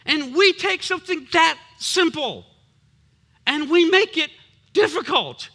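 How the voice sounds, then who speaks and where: A man's voice: very high voice, expressive, slow pace, bright, forceful tone. A man preaching a sermon as a pastor, emphatic and punchy, with humorous asides.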